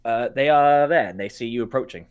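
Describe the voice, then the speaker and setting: A man narrating a tabletop game as game master, halting with many fillers. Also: medium pitch, clear, resonant tone. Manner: halting, many ums, lively voicing of guards.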